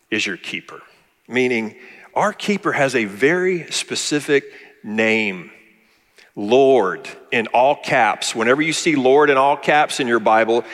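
A male pastor giving a sermon with a relaxed, conversational delivery and a mid-range voice. He sometimes stumbles over repeated words as he thinks aloud. His voice carries a long reverb from a large church hall. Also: mid-range voice.

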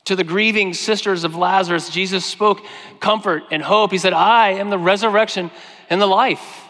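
A man's voice: high-pitched, fairly even intonation. Preaching man in a reverberant hall. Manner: earnest preaching, slowing and softening on quoted scripture. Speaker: pastor. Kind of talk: sermon.

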